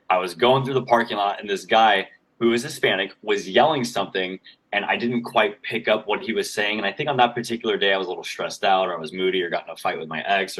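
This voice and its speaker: A man's voice: lowish voice, a bit bright, breathy edge, rough recording. A man co-hosting a podcast, telling stories in casual, rambling, profane chat full of fillers. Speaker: podcast co-host. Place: worked in Vegas.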